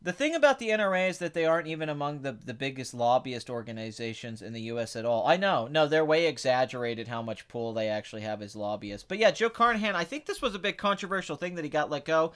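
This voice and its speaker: A podcast host answering chat questions chats casually about movies, blunt, sarcastic and opinionated, swinging between flat and excited. His fairly high, clean-toned voice comes fast, with hardly any pauses.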